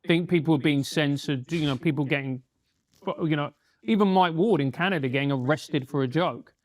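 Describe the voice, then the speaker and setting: Give me a high-pitched man hosting a podcast, reflective, stumbling a bit, dry sound. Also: brisk, dry recording. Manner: reflective, hesitant restarts. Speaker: podcast host. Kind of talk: interview questions.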